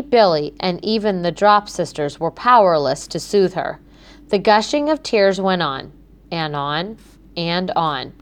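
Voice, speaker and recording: A woman narrating a children's book in a clear, measured storytelling manner. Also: mid-range voice. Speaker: audiobook narrator.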